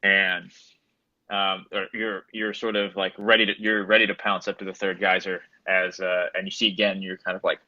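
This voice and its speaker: A man runs a tabletop game as game master, narrating in halting bursts with many restarts. His voice is bright and forceful, sitting a little low, and the sound is dry and somewhat muffled. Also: flat delivery, no room sound. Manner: halting, full of restarts and fillers.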